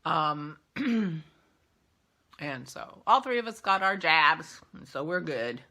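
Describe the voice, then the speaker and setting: A woman's voice: low voice, expressive, slow pace, sharp tone. A woman hosting a casual morning coffee vlog from home, rambling and easily sidetracked, a little yawny. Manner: rambling, easily distracted, chatty. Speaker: vlog host.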